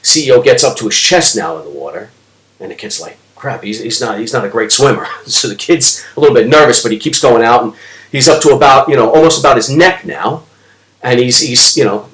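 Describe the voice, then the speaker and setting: A man telling a motivational story with a dramatic storyteller's delivery that builds toward shouting. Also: mid-range voice, expressive, a little fast, echoey room, rough recording. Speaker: motivational speaker.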